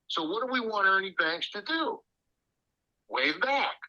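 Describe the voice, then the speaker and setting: A man's voice: sits high, animated, a little slow, pushed and bright, dull audio. A man telling anecdotes as an interview guest, acting out the quotes with animation. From Illinois. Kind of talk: storytelling interview.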